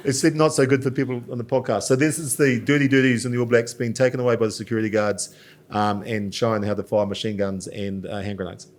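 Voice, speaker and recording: Kiwi podcast host steering the chat. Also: male voice, fairly low pitch, fairly even intonation, fast talker, slight background noise. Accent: New Zealand. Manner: practical, runs the segments. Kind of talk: casual studio chat. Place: studio.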